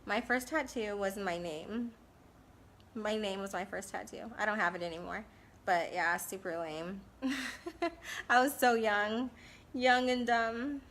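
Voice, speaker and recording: A thirtysomething woman from California hosts a live stream, answering viewers' questions in a blunt, casual manner with plenty of laughter. Her mid-range voice is a bit bright, and she talks slowly with long pauses.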